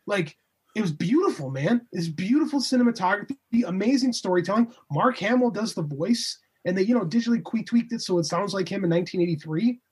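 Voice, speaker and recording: A man with a deeply husky, breathy voice talks on a casual podcast, his pitch swinging widely as he gets carried away. He comes across excitable and emotional. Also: fast talker. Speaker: podcast co-host.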